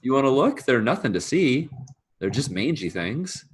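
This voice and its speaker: A man's voice: medium pitch, big pitch swings, normal speed, a little hiss or hum, pitched above the performer's own voice, close to an everyday voice. Man playing Cinna, flustered servant girl. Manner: flustered, stammering, pleading. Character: nervous young woman servant, Cinna.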